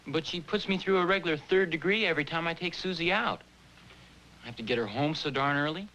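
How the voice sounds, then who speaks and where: Eager young college son, bright clear voice, slightly higher pitch, 1950s sitcom. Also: male voice, fast talker, a little hiss or hum, low-quality recording. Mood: earnest. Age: young adult. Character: earnest polite young man, college son.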